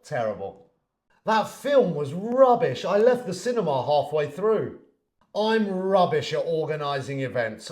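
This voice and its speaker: Guy teaching vocab, bouncy sing-song voice, roomy echo. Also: on the high side. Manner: lively, explaining with acted example sentences. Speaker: English teacher. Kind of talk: online language lesson. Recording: echoey room.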